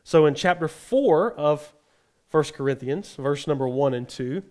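A man's voice: unhurried, a little mellow. Man preaching a sermon, reading scripture. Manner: reads scripture aloud, then explains it plainly; acts out the tone of the quoted verses, rising in pitch. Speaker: pastor.

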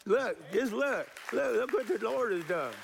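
A man's voice: high-pitched, animated, unhurried, gravelly, a crowd in the background, background noise. A middle-aged male pastor, preaching a sermon and leading the congregation in call-and-response. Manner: call-and-response preaching, varying pace and emphasis.

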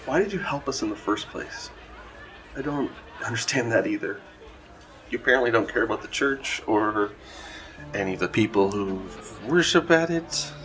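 A man's voice: medium pitch, lively intonation, normal speed, a bit bright, a faint crowd, close to an everyday voice, rough recording. A man playing an earnest, doubting woman cleric. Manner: questioning, searching. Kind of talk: tabletop role-play in character.

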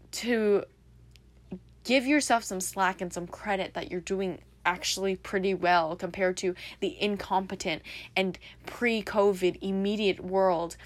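A woman's voice: mid-range voice, no echo. A young adult woman hosting a casual solo podcast, rambling and reflective with lots of fillers. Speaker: podcast host.

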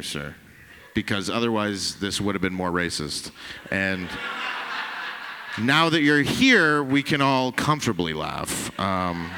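Brash stand-up comic in a reverberant club. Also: male voice, mid-range voice, pushed and bright, a little hiss or hum. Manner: brash, profane, teasing the audience. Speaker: stand-up comedian. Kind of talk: stand-up set with crowd work. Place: comedy club stage.

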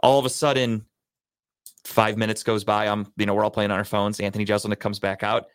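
A man co-hosting a podcast, telling a long story in a profane, animated, casual way. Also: on the low side, a little fast, clear, resonant tone, dry recording. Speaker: podcast co-host.

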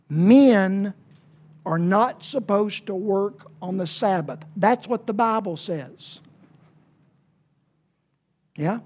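Slow, dramatic woman preaching. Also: medium pitch, lively intonation. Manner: dramatic, with swings between hushed and loud emphasis; folksy and humorous, with playful asides. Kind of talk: sermon.

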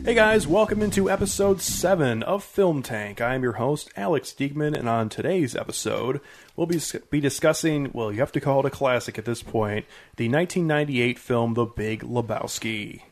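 A man's voice: medium pitch, expressive, normal speed, soft background music. A man hosting a casual film podcast, joking and swearing loosely with his co-hosts. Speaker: podcast host.

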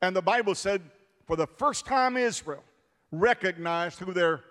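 A man preaching a sermon with fervor, dropping to a hush and then rising to shouts. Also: high voice, lively intonation, a little slow. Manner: fervent, swings from hushed to shouting. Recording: long hall reverb of a church.

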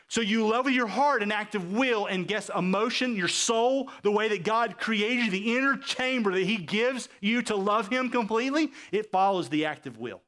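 A man's voice: high voice, moderate pace, few pauses. A male pastor preaching a sermon, acting out quoted characters and often asking his congregation if they understand. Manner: animated preaching, acts out quoted voices, asks the audience questions.

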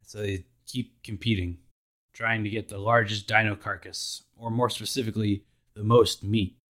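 A man's voice: on the low side, fairly even intonation, normal speed, a bit bright. A man hosting a podcast, recapping anime episodes in a laid-back, slangy way.

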